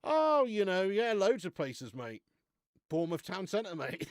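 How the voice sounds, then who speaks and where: A man's voice: high voice, sing-song, normal speed, no room sound, studio quality. A man hosting a live beer-review stream, chatting casually, laughing often and calling his viewers mate.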